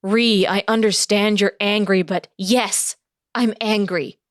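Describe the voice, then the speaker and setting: A woman's voice: medium pitch, fairly even intonation, takes it slowly, dry recording, studio quality, close to an everyday voice. A woman voicing a remorseful young pirate who pleads earnestly with his estranged sister. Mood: pleading. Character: penitent young man, estranged pirate brother.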